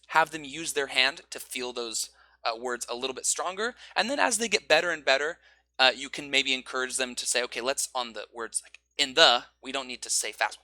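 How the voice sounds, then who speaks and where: A man with a slightly higher voice and a sharply bright, forward tone explains teaching methods to fellow teachers. He sounds relaxed and conversational and breaks into chanted rhythm patterns to demonstrate. The sound is dry and close. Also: dry recording. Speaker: English teacher.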